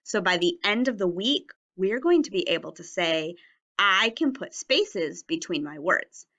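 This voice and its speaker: A woman teacher leading a children's writing lesson on video, speaking slowly and enunciating words carefully so young learners can follow. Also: lowish voice, animated, fairly bright tone, lo-fi sound. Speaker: elementary teacher.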